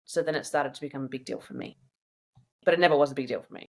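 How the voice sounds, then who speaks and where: A woman in a casual interview, telling personal stories in a chatty, animated way and laughing often. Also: extremely low pitch, very fast, creaky. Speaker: guest sharing her own experience.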